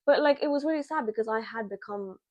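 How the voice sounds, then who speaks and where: A woman's voice: on the high side, fast, muffled recording. A woman chatting casually as co-host, sharing stories and agreeing often. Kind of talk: casual storytime chat.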